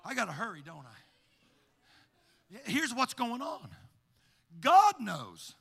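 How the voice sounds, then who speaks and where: A male pastor preaching a sermon with emphatic repetition, climbing from plain talk into shouted, sing-song cadences. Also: extremely high pitch, huge pitch swings, unhurried, creaky, breathy edge. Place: church sanctuary. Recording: long church reverb.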